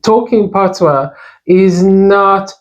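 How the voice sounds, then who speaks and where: A woman's voice: medium pitch, slow, low-quality recording. A woman co-hosting a podcast, speaking earnestly and emphatically in casual talk. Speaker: podcast co-host. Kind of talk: casual discussion.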